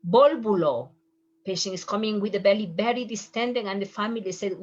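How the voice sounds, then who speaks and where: A woman's voice: mid-range voice, dull audio. A woman whose first language is Spanish, teaching a medical Spanish lesson and repeating each term patiently. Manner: slow, patient, repeats terms for pronunciation.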